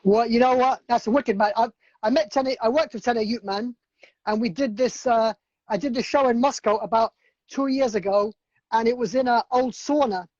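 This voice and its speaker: A man's voice: very high voice, moderate pace, a little mellow, dry recording, dull audio. A man, a DJ and producer, chatting casually on a livestream, rambling through stories with lots of fillers and restarts. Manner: rambling, filler-heavy storytelling. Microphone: video call.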